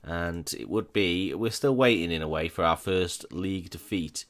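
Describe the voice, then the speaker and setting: A low-pitched man chats through his football management game, running over results with dry little asides. He corrects himself often and keeps an easy, relaxed flow. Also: normal speed. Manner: chatty, self-correcting, wry asides. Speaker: gaming YouTuber. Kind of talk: casual game commentary.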